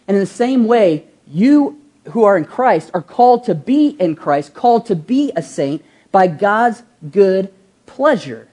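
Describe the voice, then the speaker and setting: Husky-voiced woman preaching with energy. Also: medium pitch, a little slow. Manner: animated preaching, rhetorical questions, stretching key words; acts out quoted voices in an everyday tone. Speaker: pastor. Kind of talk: sermon.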